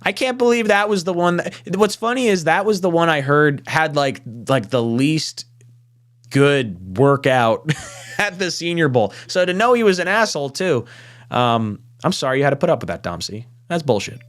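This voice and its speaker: A man hosting a live fan podcast panel, reading viewer super chats and chatting casually, with animated swearing asides. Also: fairly high pitch, normal speed. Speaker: podcast host.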